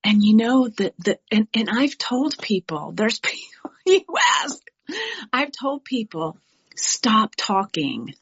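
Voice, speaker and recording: A middle-aged woman from New York giving a candid, animated personal share at a recovery meeting, with frank asides. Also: on the high side, a little slow, breathy edge, muffled recording.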